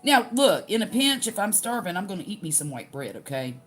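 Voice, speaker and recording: A woman's voice: medium pitch, big pitch swings, brisk, faint music behind. An older woman with a Southern US accent chatting casually, folksy, reading out viewer comments and laughing often. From US Gulf Coast. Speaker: livestream crafting host.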